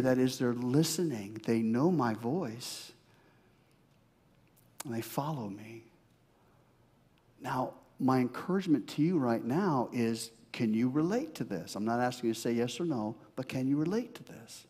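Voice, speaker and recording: A man pastor preaching a sermon, swinging from loud emphasis to hushed, near-whispered asides. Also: mid-range voice, unhurried, breathy edge.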